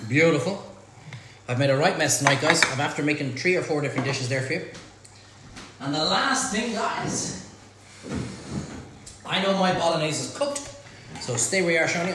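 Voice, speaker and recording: A man with an Irish accent hosting a live cook-along in a home kitchen, chatty and excitable, full of exclamations. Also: on the high side. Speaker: chef host. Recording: very echoey room, faint noise.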